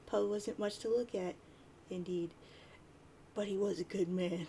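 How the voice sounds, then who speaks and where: A woman's voice: mid-range voice, steady tone, measured pace, vocal fry, warm tone, a little hiss or hum. A woman casually reading a webcomic aloud and adding her own chatty asides. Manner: chatty, reads dialogue tags, adds asides. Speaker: reader of a webcomic. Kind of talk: casual read-aloud with commentary.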